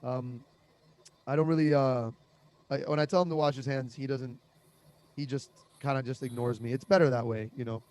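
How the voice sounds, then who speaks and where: A young man doing a conversational comic monologue, deadpan and absurd, with lots of fillers, over a video call. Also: medium pitch, normal speed, long pauses. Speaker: comedian. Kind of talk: stand-up style comic monologue.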